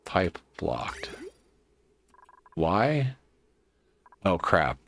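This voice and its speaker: A man's voice: low-pitched, big pitch swings, drawn-out words, creaky, fairly bright tone, a little hiss or hum. A man streaming a colony-building game, talking to himself in a casual, muttering way as he plans and fixes things. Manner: muttering to himself while planning. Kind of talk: casual gameplay commentary.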